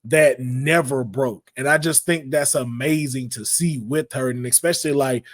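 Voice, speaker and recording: Slangy, animated man hosting a podcast. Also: mid-range voice, moderate pace. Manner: slangy, animated, acts out quotes. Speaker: podcast host. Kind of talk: casual podcast chat.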